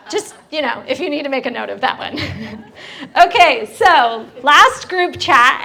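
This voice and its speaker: A woman's voice: fairly high pitch, fairly bright tone. A woman speaking to a church women's group, telling a personal story in a conversational way and putting questions to the audience. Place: church hall.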